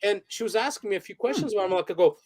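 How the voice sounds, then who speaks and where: A man with a fairly high voice tells loose, rambling stories as an interview guest. He swears freely, restarts his sentences and laughs along the way. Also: rapid-fire. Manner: rambling, profane, laughs while telling stories. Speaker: interview guest, photographer and director. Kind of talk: casual storytelling interview.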